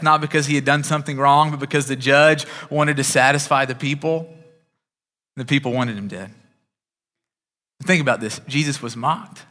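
A male pastor delivers a sermon in a church sanctuary, his medium-pitched voice steady yet sharp at a moderate pace. He speaks conversationally, often restarting his sentences, and the large hall adds a long reverb.

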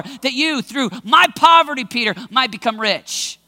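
A male preacher giving a dramatic sermon, acting out scenes and bursting into shouts, in a large hall with long reverb. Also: extremely high pitch, lively intonation, measured pace.

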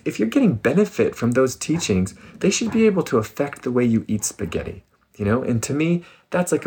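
A man giving a casual spiritual talk in an animated, playful way, often laughing. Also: fairly low pitch, slightly rough. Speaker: spiritual speaker.

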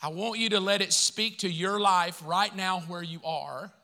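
A man preaching a sermon as pastor, animated, swinging between loud appeals and quiet asides. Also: sits high, moderate pace, long reverb tail.

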